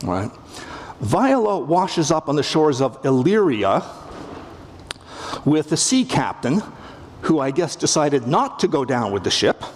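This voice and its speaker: Speaking at a measured pace with long pauses, this middle-aged man's fairly high voice swings widely in pitch, and a little hiss or hum sits underneath. He has a Canadian accent and is a literature professor acting out quotes during a wry, humorous public lecture before a live theatre audience. Long reverb and faint ambience fill the big hall.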